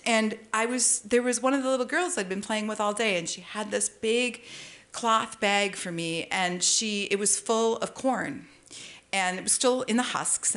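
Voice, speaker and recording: A woman from Minnesota telling a true personal story live on stage at a brewery event, lively and conversational, with frequent asides. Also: mid-range voice, gravelly. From Minnesota, USA.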